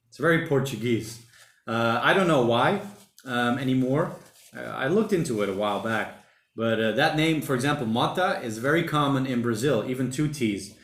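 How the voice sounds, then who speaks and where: A man's voice: medium pitch, moderate pace. Rambling man chatting on a roomy livestream. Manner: rambling, thinking out loud, says mate and man a lot. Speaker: livestream host reading viewer chat. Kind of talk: casual solo livestream chat. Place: home during lockdown. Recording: roomy home room echo.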